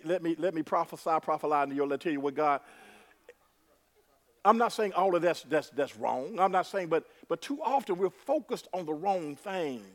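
A man preaching a sermon to his congregation, emphatic, repeating words and calling the crowd "y'all". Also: fairly high pitch. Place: church sanctuary. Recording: long reverb of a hall.

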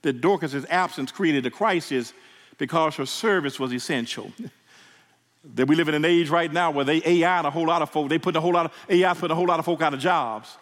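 A man's voice: on the high side, fast talker, fairly bright tone. A man preaching a sermon in a church, emotional and repeating words as he builds. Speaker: pastor. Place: church sanctuary. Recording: reverberant church hall.

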